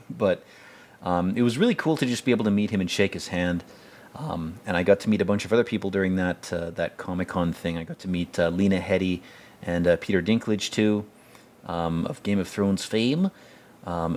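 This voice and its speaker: A man giving casual, rambling film commentary, swearing often and growing excited about scenes he loves. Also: low voice, moderate pace. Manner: rambling, profane, enthusiastic.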